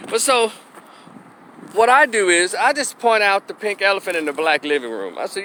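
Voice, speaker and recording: A man's voice: high-pitched, expressive, a little fast, sharp tone, a little hiss or hum. A middle-aged man from Memphis giving a blunt, opinionated monologue for his vlog, now and then acting out the voices he quotes. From Memphis, Tennessee. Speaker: opinion commentator.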